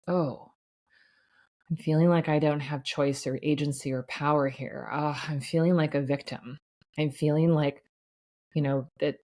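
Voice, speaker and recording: A woman's voice: sits low, a little mellow. A woman hosting a solo podcast as a life coach, talking in an earnest, reassuring way with frequent "right?" asides.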